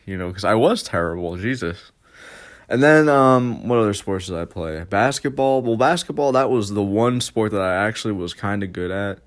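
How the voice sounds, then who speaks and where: Young man, lowish voice, podcast host, casual storytelling, profane, rambling, lots of fillers. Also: moderate pace.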